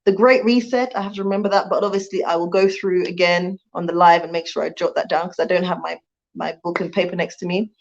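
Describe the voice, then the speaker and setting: A woman's voice: lowish voice, fairly even intonation, fast talker, dull audio. A Jamaican-born woman hosting a casual livestream from home, reading out viewer comments and laughing often. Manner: chatty, laughs often, thanks viewers warmly. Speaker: livestream host. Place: home in Rwanda.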